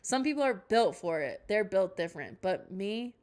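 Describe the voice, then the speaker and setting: This young woman podcast host speaks at a normal speed with lively intonation and a medium-pitched, darkish voice. She rambles through a casual storytime, full of tangents and self-mocking asides.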